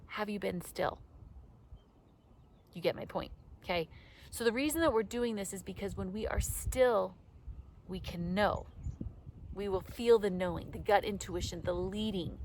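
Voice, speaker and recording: A woman's voice: mid-range voice, unhurried, long pauses, a little mellow. A woman coaching her audience in a motivational talk, emphatic and repetitive, with casual swearing.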